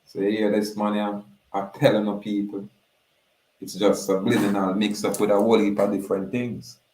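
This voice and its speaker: A Jamaican man talks through his commentary in a low, even voice that barely rises or falls. He keeps a steady, low-key patois delivery and checks in with his listeners as he goes. The room around him rings with echo. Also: moderate pace, slight background noise. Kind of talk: casual spoken commentary.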